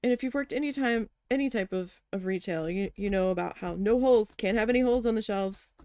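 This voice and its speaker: A woman's voice: medium pitch, fairly quick, darkish tone, dry recording. A woman telling a story in casual chat while crafting, chatty and exasperated, swearing now and then. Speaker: craft vlogger.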